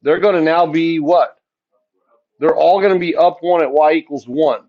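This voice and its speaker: A man teaching a math lesson, asking the class questions and answering them himself in a relaxed, chatty way. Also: fairly high pitch, normal speed, muffled recording. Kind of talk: classroom lecture.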